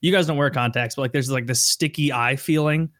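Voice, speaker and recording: A man's voice: medium pitch, a little fast, fairly bright tone. A man co-hosting a casual podcast chat, joking and rambling through stories. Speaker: podcast co-host.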